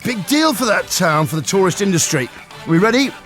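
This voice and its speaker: A man in a radio studio, talking on air with a lively, swooping voice that sits fairly high. He jokes and tells animated stories at a studio mic, and soft music plays under him. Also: a little fast. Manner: animated, joking storyteller. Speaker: radio host. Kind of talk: jokey breakfast radio chat. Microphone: studio microphone.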